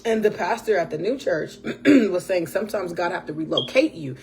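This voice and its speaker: A woman hosting her own podcast alone, chatting casually about faith in a rambling way, often clearing her throat and with a voice that often sounds strained. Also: fairly low pitch, lively intonation, moderate pace, darkish tone, soft background music. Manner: churchy phrases, talks to absent guest. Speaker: podcast host.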